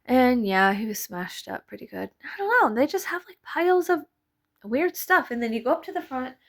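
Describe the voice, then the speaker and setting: A woman's voice: high-pitched, expressive, normal speed, a bit bright. A young adult woman narrating a casual vlog voice-over, rambling, laughing often and swearing offhandedly. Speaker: vlogger. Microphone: voice-over mic.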